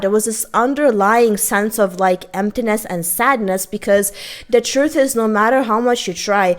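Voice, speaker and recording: Emphatic woman ranting to camera. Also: a little high. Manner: emphatic, repeatedly checking in with "okay?". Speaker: art vlogger. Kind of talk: casual rant to camera.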